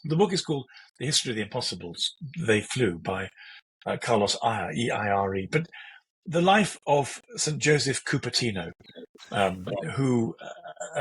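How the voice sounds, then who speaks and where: A man's voice: medium pitch, husky, rough recording. An older man co-hosting a talk show, telling a story with eager enthusiasm. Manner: enthusiastic, animated storytelling with restarts. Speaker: podcast co-host. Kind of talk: casual discussion.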